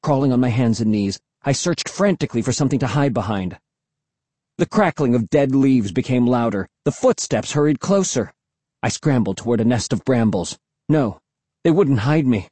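A man reading a first-person story aloud in a lively, expressive way. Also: medium pitch, normal speed, husky, no echo. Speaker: audiobook narrator.

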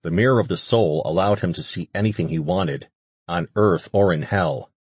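A man reading an audiobook as narrator, in a steady, measured way. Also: deep voice, breathy edge, no room sound. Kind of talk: scripted narration.

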